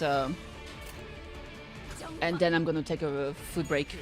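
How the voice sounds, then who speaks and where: A woman's voice: low voice, flat delivery, takes it slowly, over music. A woman streaming a game, chatting casually with laughing asides.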